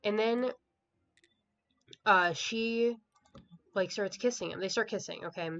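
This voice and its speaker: A woman's voice: medium pitch, unhurried, a bit bright. A woman reviewing a book in a casual vlog, recapping the plot in a rambling way with lots of filler words and an exasperated, dismissive tone. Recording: dull lo-fi home recording with faint hiss.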